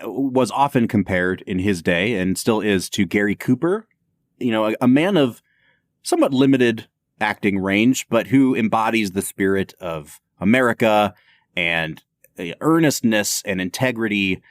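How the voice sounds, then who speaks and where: A man co-hosting a podcast in casual chat, animated and opinionated. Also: lowish voice, unhurried, dry recording, clean studio sound. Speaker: podcast co-host.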